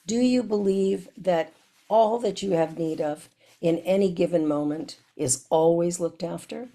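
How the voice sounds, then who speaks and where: A woman's voice: on the low side, moderate pace, dark tone. A woman minister giving a reflective sermon that asks the listener many questions.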